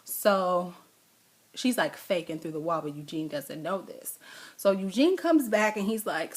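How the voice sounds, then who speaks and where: A woman's voice: lowish voice, animated, a little slow. A woman giving a casual, rambling TV episode recap, full of fillers and asides. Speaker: TV show recapper.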